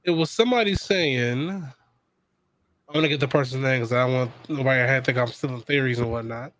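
A man co-hosting a casual podcast chat, excitable and quick to laugh. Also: medium pitch. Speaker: podcast co-host.

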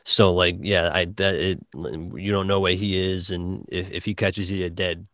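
Low-voiced Boston man, halting chat. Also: steady tone, fairly bright tone, dry recording, studio quality. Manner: halting, many restarts and fillers. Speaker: podcast guest reviewing a game. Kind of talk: casual chat.

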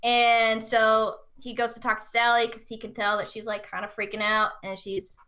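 A woman's voice: on the high side, moderate pace. A woman chatting casually as a podcast co-host, retelling a movie and acting out the characters' lines. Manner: animated, acts out quotes in put-on voices. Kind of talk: casual chat.

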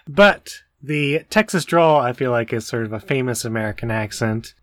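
A man's voice: mid-range voice, a little slow, no room sound. A man co-hosting a casual educational podcast, who talks in a joking, self-deprecating way. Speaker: podcast co-host.

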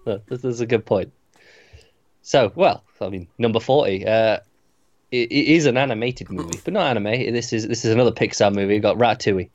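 A man co-hosting a casual movie-ranking chat, talking in a wry, lively way. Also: on the low side, brisk, highs cut off. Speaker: podcast co-host ranking movies.

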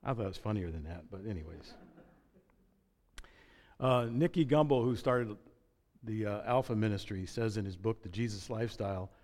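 A man's voice: lowish voice, normal speed, long pauses, a little mellow, in a large hall. A man preaching a sermon as pastor, conversational and joking, with asides and restarts.

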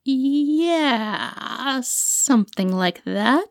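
A woman's voice: sits high, lively intonation, extremely slow, dry recording, studio quality, full character voice. An actress playing a young woman student who talks nervously, stammering with many fillers. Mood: anxious. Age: young adult. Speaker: student and podcaster.

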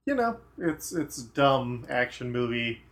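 A man co-hosting a relaxed movie podcast, chatty and fond of trivia. His voice sits at a middle pitch, and he fills the gaps with small agreeing murmurs. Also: takes it slowly. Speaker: podcast co-host. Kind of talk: casual movie-review chat.

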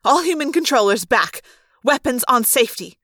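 A woman voicing a tense middle-aged woman commander who snaps orders and forces herself to sound calm. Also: fairly high pitch, moderate pace, dry recording, clean studio sound, natural voice. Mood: shouting. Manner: clipped and commanding.

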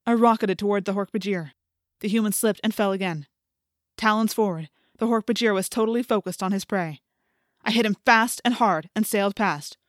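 A woman's voice: medium pitch, dry recording. Woman reading an audiobook, dry close sound. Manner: measured, steady storytelling with intense, climbing passages. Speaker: audiobook narrator. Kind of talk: scripted first-person audiobook narration.

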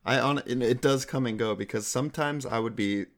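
A man's voice: medium pitch, a little fast. A man chatting casually about a movie, laid-back, swearing offhandedly and hedging with fillers.

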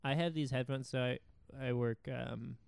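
A man's voice: mid-range voice, steady tone, moderate pace, gravelly, smooth, no room sound. A man co-hosting a casual podcast chat, rambling through stories and correcting himself as he goes. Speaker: podcast co-host. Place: small podcast studio.

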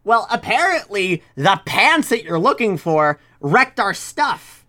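A woman voicing a gang of small, squabbling male kobold guards in a high, indignant voice. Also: sing-song, takes it slowly, fairly bright tone. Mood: threatening.

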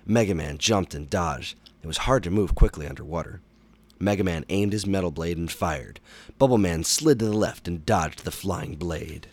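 A man reading a children's action storybook aloud in a steady, expressive way. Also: deep voice, moderate pace. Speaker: narrator.

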